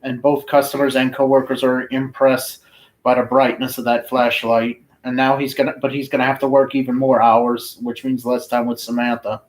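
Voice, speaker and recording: A man casually reading his own fiction aloud, unhurried and flat, now and then pausing to find his place. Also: mid-range voice, poor audio.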